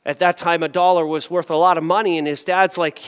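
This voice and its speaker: A man preaching a sermon as a pastor, telling a story with animated acted-out voices. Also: sits high, a little fast, few pauses, clean tone, big-room sound.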